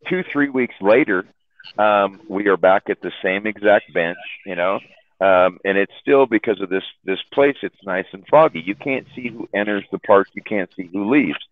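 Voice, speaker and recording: A man's voice: lowish voice, normal speed, no room sound. Man, casual storyteller, rambling and repetitive, dry tinny phone-like audio. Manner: rambling, repeats words, laughs a lot. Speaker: chat room caller telling stories.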